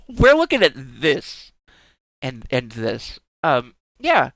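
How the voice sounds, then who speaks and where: A young adult streamer chats casually and unhurriedly on a live stream, giggling, gushing and occasionally swearing, their pitch swooping wildly. The voice is a bit bright, and the sound is close and dry with no echo or room.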